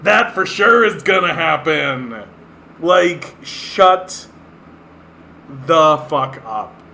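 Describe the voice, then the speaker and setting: Male streamer from Canada, exasperated sweary rant, slow delivery, slightly high pitch, faint background hiss. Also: expressive, vocal fry, pushed and bright. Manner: exasperated, sweary, laughing in disbelief. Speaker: livestream host. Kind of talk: ranting livestream commentary.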